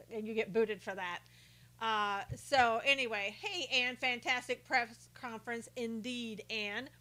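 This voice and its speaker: A woman's voice: fairly high pitch, pushed and bright. A woman hosting a casual live stream who greets viewers by name, reads their comments aloud and talks indignantly about rude reporters.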